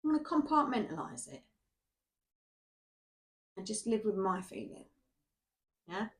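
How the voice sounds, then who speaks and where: A woman's voice: mid-range voice, sing-song, measured pace. A woman giving a casual tarot reading to camera, chatty and rambling, who keeps checking in with "yeah?". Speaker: tarot reader.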